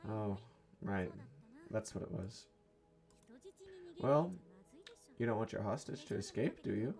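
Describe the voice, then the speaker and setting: A cheerful, childlike teenage girl, as a man puts her on, floating up in a sing-song lilt. The voice keeps a gravelly, mellow grain underneath. Soft music sits behind her. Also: on the low side, lively intonation, a little slow, pitched above the performer's own voice. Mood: bubbly.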